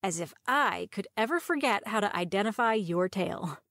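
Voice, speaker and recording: A woman reader voicing a playful, quick-witted young woman who teases her lover. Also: medium pitch, expressive, fairly bright tone, dry recording, clean studio sound.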